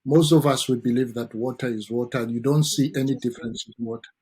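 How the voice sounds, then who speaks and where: A South African man, a dentist guest on a talk show, explaining his subject in an earnest, measured way. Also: medium pitch, fairly even intonation, mellow, breathy edge.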